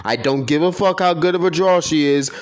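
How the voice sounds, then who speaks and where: A man's voice: on the high side, brisk. Profane, heated young man ranting. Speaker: wrestling commentator. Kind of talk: opinionated casual rant.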